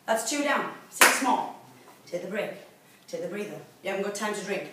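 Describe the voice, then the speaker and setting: Here a fitness instructor with a medium-pitched, animated voice speaks at a moderate pace. She's leading a workout video, calling out encouragement as she exercises and loses her breath. Expect a distant mic, faint noise, and a very echoey room.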